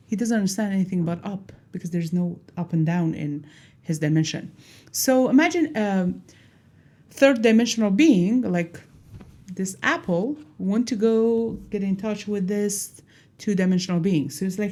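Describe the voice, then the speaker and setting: Animated woman explaining with a mellow voice. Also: mid-range voice, moderate pace. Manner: animated, acts out little dialogues, laughs at herself. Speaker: teacher. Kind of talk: casual explanatory talk.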